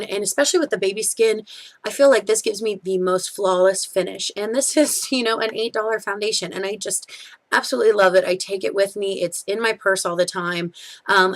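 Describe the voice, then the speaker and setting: A young woman with a light drawl talks through her favorite makeup in an easygoing, gushing way. Her pitch sits in an ordinary middle range, and she piles on fillers and cheerful corrections as she goes. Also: steady tone, fairly quick. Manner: chatty and gushing, with many fillers and self-corrections. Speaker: beauty vlogger. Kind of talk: casual product review.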